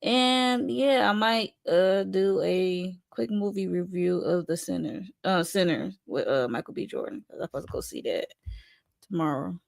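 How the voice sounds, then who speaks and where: A woman's voice: lowish voice, moderate pace, creaky, no echo, clean studio sound. A woman chatting casually as a guest reviewer, rambling with lots of ums and playful trash talk. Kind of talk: casual live-stream chat.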